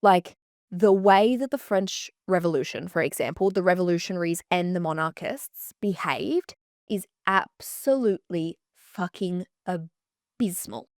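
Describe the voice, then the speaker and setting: A woman hosting a podcast, chatting in an animated way and swearing freely. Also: fairly low pitch, a little slow, no echo, clean studio sound. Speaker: podcast host. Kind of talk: casual chat.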